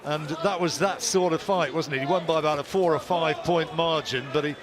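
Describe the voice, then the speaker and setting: A man doing live boxing commentary, measured play-by-play that lifts on big moments. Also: on the high side, steady tone. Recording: commentary mix with loud arena noise.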